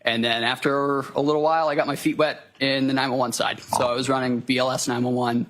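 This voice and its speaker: A man in his twenties with a Massachusetts accent, testifying in court as a witness and speaking loudly with a lot of ums and uhs. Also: mid-range voice, flat delivery, quick pace, rough recording. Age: 20s. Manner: loud, with frequent ums and uhs. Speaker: witness, firefighter paramedic.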